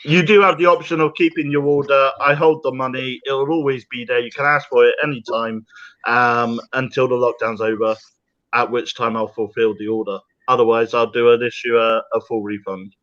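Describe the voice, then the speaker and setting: A man's voice: medium pitch, little pitch movement, normal speed, a bit bright. A man chatting as a guest on a livestream, rambling and jokey and laughing often, heard over a remote call. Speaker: guest, small business owner. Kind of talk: casual chat on a livestream. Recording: dull lo-fi call audio.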